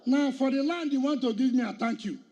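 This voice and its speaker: A very high, warm male voice comes through fairly quickly, with a little hiss or hum behind it. It belongs to a middle-aged Nigerian-accented state governor challenging an outdoor crowd with rhetorical questions in a combative political speech.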